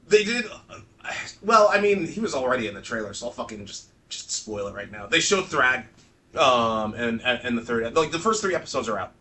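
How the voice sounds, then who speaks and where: A man co-hosting a podcast in casual chat, excitable, dropping lots of "like" and swearing freely. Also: mid-range voice, a little fast, far from the mic. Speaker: podcast co-host.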